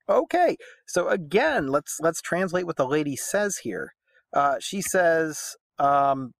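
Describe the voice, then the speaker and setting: A man's voice: fairly high pitch, sing-song, unhurried, vocal fry, no room sound. A man teaching a poem in a casual lesson, chatty and full of rhetorical questions and fillers.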